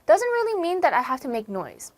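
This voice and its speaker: American woman teaching vocabulary, lively stresses. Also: brisk, dry recording. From United States. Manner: repeats and rephrases, stressing key words with lively pitch jumps. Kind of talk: explanatory online lesson.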